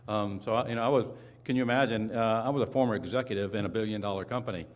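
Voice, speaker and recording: A man's voice: lowish voice, racing. A man moderating a conference session, introducing speakers in a fumbling, apologetic and self-deprecating way.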